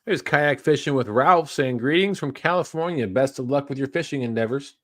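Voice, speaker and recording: A man's voice: mid-range voice, fairly quick, fairly bright tone, no room sound. A man, co-hosting a fishing livestream, reading viewer comments aloud in an easygoing way and laughing between them. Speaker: livestream co-host reading chat.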